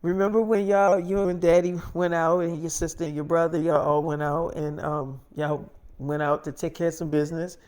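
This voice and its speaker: A man voicing a mother who bluntly confesses an affair, in a soft, hushed way. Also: fairly high pitch, level tone, moderate pace, clear, resonant tone, lightly acted. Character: scheming adult woman, a mother confessing an affair.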